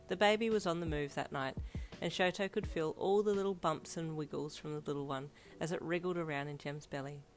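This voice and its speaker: A woman reading fanfiction aloud in a steady storybook narration. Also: low voice, brisk, few pauses. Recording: soft lofi piano behind.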